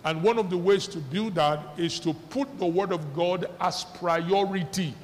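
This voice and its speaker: Exhorting pastor in a reverberant church hall. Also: male voice, fairly high pitch, a little hiss or hum. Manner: exhorting, repeats questions to the congregation. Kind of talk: sermon.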